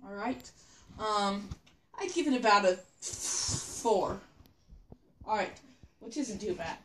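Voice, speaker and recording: A woman's voice: medium pitch, lively intonation, takes it slowly, a bit bright. A woman hosting a casual video, chatty and giggly as she hands out challenges and scores them. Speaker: host. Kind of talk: casual chat. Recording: roomy, distant mic, background noise.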